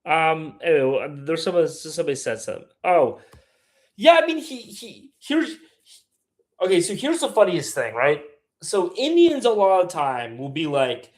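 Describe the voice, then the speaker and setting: A man's voice: high voice, sing-song, normal speed. A man hosting a casual live stream, rambling and opinionated as he reads chat aloud and answers it. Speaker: livestream host.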